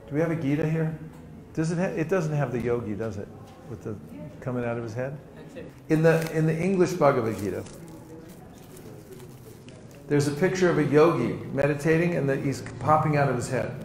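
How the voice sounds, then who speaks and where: Guy running a seminar, lively, acts out convos, kinda high voice, big echoey room. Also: moderate pace, long pauses. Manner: lively, demonstrates dialogues, laughs often. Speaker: seminar teacher. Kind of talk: teaching with acted-out demonstrations. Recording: roomy hall echo, faint noise.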